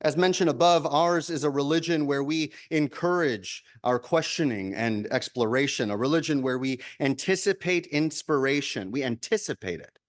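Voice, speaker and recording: A male minister giving a measured, reflective sermon, repeating key lines for emphasis. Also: a little high, animated.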